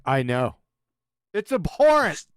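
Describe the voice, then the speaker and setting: A man hosting a live stream in a slow, wry, amused way. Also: a little high, huge pitch swings, smooth, dry recording, studio quality. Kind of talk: casual chat.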